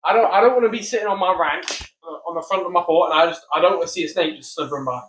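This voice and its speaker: A young man co-hosting a casual podcast, agreeable and joking, often answering with a quick yeah. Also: high-pitched, fairly bright tone. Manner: agreeable, many short yeahs, joking. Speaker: podcast co-host. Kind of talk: casual chat.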